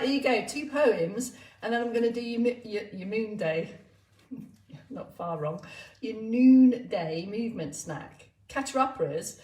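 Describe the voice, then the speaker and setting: A woman exercise instructor chatting playfully on a live stream, laughing often. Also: mid-range voice. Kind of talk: live-streamed casual chat. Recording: roomy, distant sound.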